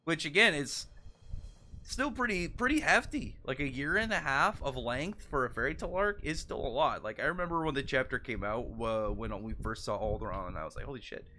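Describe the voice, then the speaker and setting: Bright-voiced young man rambling casually. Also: medium pitch, lively intonation, moderate pace, slight background noise. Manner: rambling, restarts often, lots of "like". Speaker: manga reviewer. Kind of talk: casual solo commentary.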